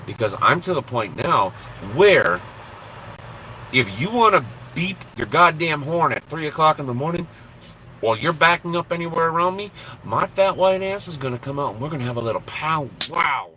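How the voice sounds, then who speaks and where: A man from Minnesota talks from inside his truck, with faint road ambience around him. His voice has a bright, sharp edge shows through. He chats in a blunt, profane, self-deprecating way. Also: a little high, lively intonation, normal speed, a little hiss or hum, poor audio. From Minnesota, USA. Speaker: trucker live-streamer. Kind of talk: casual live-stream chat.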